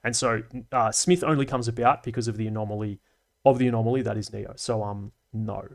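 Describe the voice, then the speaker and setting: A man's voice: lowish voice, steady tone, a little fast, vocal fry. A man with an Australian accent hosting a casual livestream, reading viewer comments aloud and answering them in a chatty, analytical way with dry asides and slang. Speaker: livestream host.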